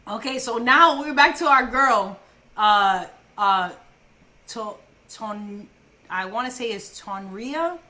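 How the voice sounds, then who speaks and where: Bright-voiced woman chatting on a podcast. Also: fairly high pitch. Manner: chatty, halting, with many fillers and outspoken opinions. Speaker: podcast co-host. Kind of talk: casual chat about wrestling.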